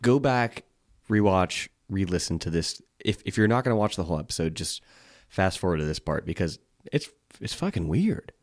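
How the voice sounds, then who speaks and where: Deep-voiced man on a podcast. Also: expressive, normal speed, dry recording, clean studio sound. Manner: laid-back, swearing, repeats words as he restarts. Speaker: podcast co-host. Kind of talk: casual chat.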